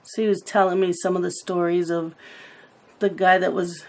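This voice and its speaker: A woman's voice: on the low side, little pitch movement, normal speed, a little mellow. A middle-aged woman chatting casually about her day while she colors, telling family stories in a loose, rambling way. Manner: chatty storytelling, laughs at family anecdotes. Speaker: coloring channel host.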